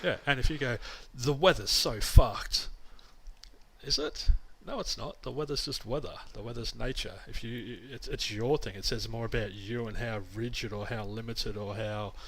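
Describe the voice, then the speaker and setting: A man's voice: mid-range voice, fairly even intonation, a little fast, few pauses, fairly bright tone. A man co-hosting a casual podcast chat, blunt and swearing casually. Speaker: podcast co-host.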